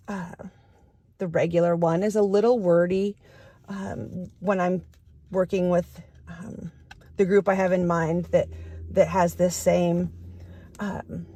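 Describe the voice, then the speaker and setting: A woman's voice: lowish voice, a little mellow, no room sound. A middle-aged woman, a storytime librarian, demonstrating a picture-book read-aloud for young children and inviting them to call out sound words.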